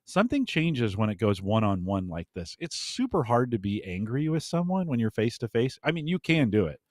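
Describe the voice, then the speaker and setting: A man talking as a guest in a casual podcast chat, animated and often chuckling, with frequent restarts. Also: mid-range voice, fairly quick, no echo, studio quality.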